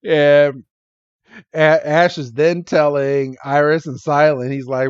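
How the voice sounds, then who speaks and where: A man co-hosting a podcast, recapping a cartoon episode with lots of laughter and excited, yelled character quotes. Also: a little high, a little slow, clean tone, no room sound, muffled recording. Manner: animated, laughs often, jumps into excited character voices. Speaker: podcast co-host. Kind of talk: casual episode recap chat.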